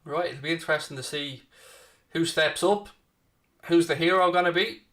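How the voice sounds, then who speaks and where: Answering viewers by name, a young watchalong host chats casually during a live football stream, mixing commentary with chat. He speaks at a moderate pace in a fairly high, fairly bright voice.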